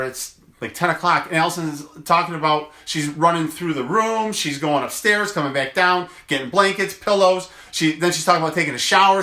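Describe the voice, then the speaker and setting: A man's voice: fairly high pitch, brisk, hardly any pauses, sharp tone, roomy sound. A man, a chiropractor, chatting casually in a daily video, telling rambling family stories with lots of fillers. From United States. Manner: rambling storyteller, many fillers.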